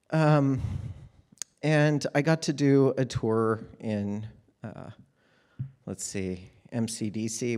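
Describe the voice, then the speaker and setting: A man telling a personal story on stage, candid and wry, with animated moments. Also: on the low side.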